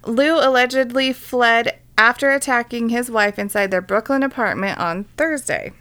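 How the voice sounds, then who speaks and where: A woman's voice: on the high side, moderate pace, fairly bright tone, smooth. Woman, podcast co-host, casual chat, reads news aloud, swears freely, blunt asides. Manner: irreverent, swearing, reads news then jokes.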